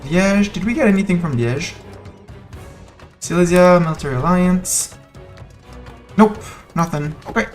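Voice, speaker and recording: Male streamer, chatty and playful, narrating his own moves live; a touch high-pitched, soft music behind. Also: expressive, a little slow, pauses often. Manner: thinks aloud, playful, chats to in-game nations. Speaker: game streamer. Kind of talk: casual live gameplay commentary.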